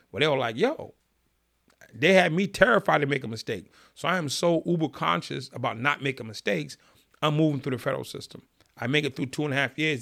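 A man's voice: mid-range voice, creaky. A middle-aged man, telling his story in an interview and acting out the people in it. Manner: animated storyteller acting out quotes. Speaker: podcast guest.

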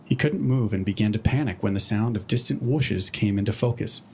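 A man reading a story aloud in a deadpan narrating manner. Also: fairly low pitch, brisk, a little hiss or hum.

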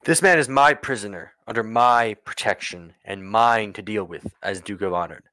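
A man voicing a new duke in a tabletop game, booming and commanding. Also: moderate pace, sharp tone, dry recording. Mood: stern. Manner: booming, indignant declarations.

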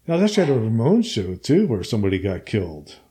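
A man's voice: on the low side, huge pitch swings, fast, dark tone, husky. An older man chatting casually and laid-back about past concerts, often with short replies. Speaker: punk fan in conversation. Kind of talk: casual chat.

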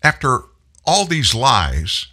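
A man's voice: mid-range voice, very animated, slow, pushed and bright, husky. A man hosting a talk show, delivering a folksy, emphatic political commentary monologue. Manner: folksy, emphatic, preachy, addresses listeners as folks.

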